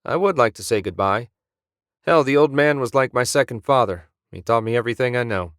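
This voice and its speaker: A man's voice: mid-range voice, a little fast, a bit bright, no room sound, studio quality, close to an everyday voice. A man voicing a confident, easygoing male smuggler hero in an audiobook. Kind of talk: audiobook character voice.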